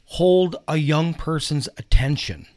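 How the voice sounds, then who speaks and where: A man with a somewhat high voice hosts a relaxed film chat. He steers the conversation and states his views with emphasis. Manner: leads the talk, emphatic, quick to give opinions. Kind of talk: casual chat.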